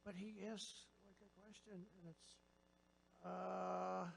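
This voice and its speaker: A man giving a rambling, off-script political speech from a convention stage into a microphone, sarcastic and jabbing, dropping from loud punchlines to low asides. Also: flat delivery, slow pace, vocal fry, a little hiss or hum. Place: large convention hall stage.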